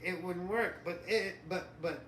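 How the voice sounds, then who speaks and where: A man's voice: sits high, unhurried, a bit bright. A middle-aged father co-hosting a podcast in casual chat, joking, laughing often and swearing freely. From New York. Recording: echoey room, faint noise.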